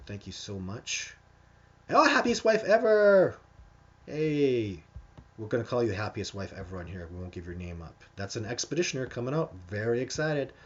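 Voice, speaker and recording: A man's voice: fairly low pitch, fast, few pauses, husky, lo-fi sound. A man hosting a live stream, answering viewer questions in a casual, emphatic way and often restarting his sentences. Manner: emphatic and animated, with frequent restarts.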